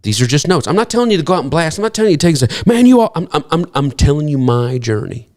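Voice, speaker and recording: A man preaching a sermon as pastor, talking in a conversational, humorous way and jumping up in pitch to act out what people might say. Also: quick pace. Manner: animated, jumps into high-pitched acted quotes; conversational, self-deprecating humor.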